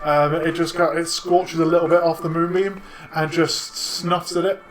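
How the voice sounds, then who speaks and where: Chatty male dungeon master, slightly high voice. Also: level tone, moderate pace, noisy background. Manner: chatty, with lots of fillers and laughs. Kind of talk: narrating a tabletop game.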